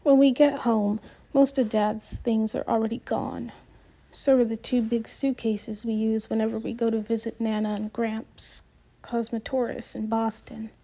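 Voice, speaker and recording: A woman narrating an audiobook in the first person, reading gently with the odd restart. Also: on the high side, little pitch movement, unhurried, vocal fry.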